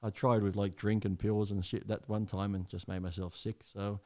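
A man's voice: on the low side, level tone, normal speed, darkish tone. A man, a podcast guest telling his story in a blunt, rambling way with heavy swearing.

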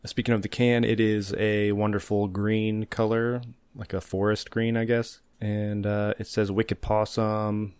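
Easygoing man, deep-ish voice. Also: level tone, measured pace, a little mellow, clear, resonant tone, no room sound. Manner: easygoing, chuckles while explaining. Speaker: podcast co-host. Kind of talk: casual podcast chat and reading info.

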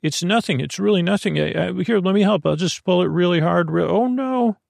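Brief: actor as a chatty scatterbrained fairy, rambling, a touch of fry, dry studio sound. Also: mid-range voice, brisk, a little mellow, dry recording. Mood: flustered. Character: dreamy scatterbrained fairy herbalist. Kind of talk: audio drama acting.

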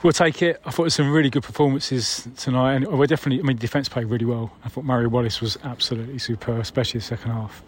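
A man's voice: mid-range voice, steady tone, racing, hardly any pauses, slight background noise. A man leaving a casual voicemail, conversational and wry, with mild swearing.

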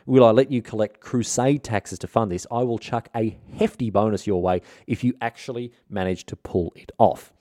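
A man's voice: lowish voice, normal speed, few pauses, dark tone, dry recording, clean studio sound, lightly acted. A man voicing a matey, scheming old pope in a comic retelling, with a conspiratorial, slangy way of talking.

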